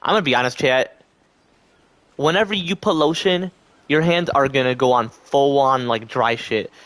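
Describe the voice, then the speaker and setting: A man's voice: medium pitch, normal speed, fairly bright tone, no room sound. A man streaming live, rambling casually to his chat in a loose, stream-of-thought way and acting out other people's lines as he goes. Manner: acts out quoted voices. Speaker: livestreamer.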